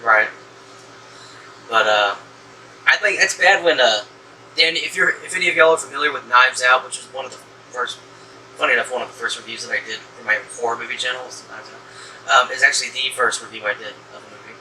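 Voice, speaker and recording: A man's voice: mid-range voice, fairly quick, pushed and bright. A man from the American South hosting a casual movie review chat, rambling with lots of fillers and restarts. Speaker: horror movie reviewer, host. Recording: distant mic with faint room hum.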